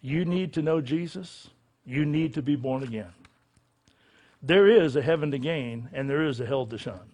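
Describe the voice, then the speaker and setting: During a church service, a middle-aged pastor with a mid-range, slightly mellow voice gives an altar call and leads the sinner's prayer. His preaching has a fervent, repetitive rhythm.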